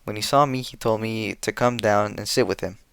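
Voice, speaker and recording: A man reading an audiobook, telling the story in a plain, steady first-person voice. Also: lowish voice, moderate pace, clear, resonant tone, no echo. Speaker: audiobook reader. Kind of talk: audiobook narration.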